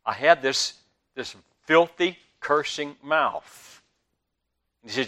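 An older man with a Southern US accent preaching a sermon, telling stories with big swings between loud and soft. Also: on the high side, slow, long pauses. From Southern United States. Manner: animated storytelling with big swings in loudness.

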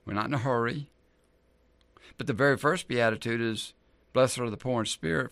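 A man's voice: medium pitch, moderate pace, gravelly, a bit bright, no echo. A man preaching a sermon as a pastor in an easygoing, conversational way, repeating key lines for emphasis.

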